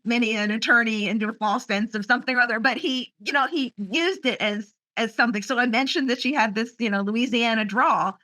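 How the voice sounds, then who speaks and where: A woman on a writers' roundtable, talking fast and eagerly through stories about her own writing. Her voice is bright, recorded dry and close with little room sound. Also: on the high side, no echo. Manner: quick, chatty, anecdotal. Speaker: crime novelist on a panel. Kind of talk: casual roundtable chat.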